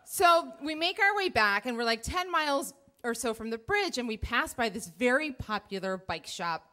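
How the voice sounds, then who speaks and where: A woman in her thirties tells a first-person story live on stage. Her voice sits high and swings widely, jumping up whenever she acts out her own panic. The delivery is animated and conversational. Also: moderate pace. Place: theater stage before an audience.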